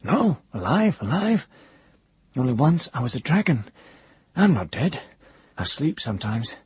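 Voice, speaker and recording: A man voicing a broken former wizard, a maimed man who speaks in a soft, hoarse voice in halting, stammering bursts. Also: medium pitch, sing-song, no room sound, voice pushed up, heavily acted. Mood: feverish.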